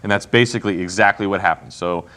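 A man teaching a casual Bible class, animated and joking as he asks his students questions. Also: low voice, fast.

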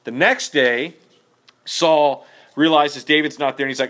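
A man's voice: on the high side, fairly even intonation, a little slow, a bit bright. A man leading a Bible study in a casual, conversational way, often checking in with "okay?" and "right?". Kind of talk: casual teaching.

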